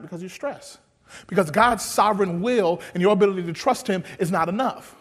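High-voiced preacher, hushed to shouting. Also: male voice. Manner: dramatic, swings from hushed to shouting. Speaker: pastor. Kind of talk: sermon. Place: church.

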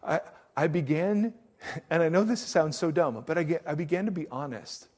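A middle-aged man preaching a sermon, his voice sitting a little high for a man. He tells stories with lively acted-out quotes, dropping quiet for his main points. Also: normal speed. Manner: animated storytelling with acted-out quotes. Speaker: pastor.

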